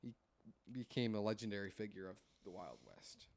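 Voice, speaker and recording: A man's voice: fairly low pitch, sing-song, normal speed, vocal fry, darkish tone. A man co-hosting a podcast, chatting casually in a rambling, hedging way. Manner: rambling, self-deprecating, hedges with "I think". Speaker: podcast co-host. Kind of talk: casual chat.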